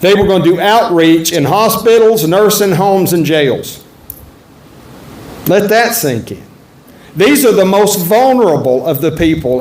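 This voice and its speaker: A man's voice: fairly high pitch, darkish tone. A man, a politician speaking at a town-hall event and taking questions in a blunt, folksy, joking way. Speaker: politician answering audience questions. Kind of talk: campaign town-hall speech and Q&A. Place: event room at a resort. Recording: echoey room with faint ambience.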